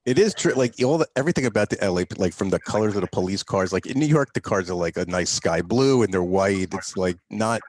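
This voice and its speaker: A man's voice: low-pitched, expressive, quick pace, few pauses, a little mellow. A man hosting a podcast, easygoing and acting out the lines in his stories. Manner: easygoing, acts out dialogue in stories. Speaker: podcast host. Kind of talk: casual podcast chat.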